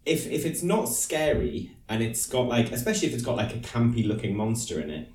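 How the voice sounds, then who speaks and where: A man dryly picking apart a film in casual chat, his pitch swinging widely. He sounds far from the mic in a roomy space, with a faint hiss behind him. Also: very animated, brisk, a little mellow. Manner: wry, critical. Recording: echoey, distant, some noise.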